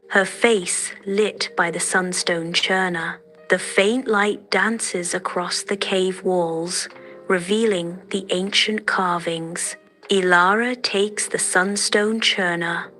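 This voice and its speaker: A woman narrating a fairy tale in a gentle, measured, dreamy manner. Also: medium pitch. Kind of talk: soft storytelling narration.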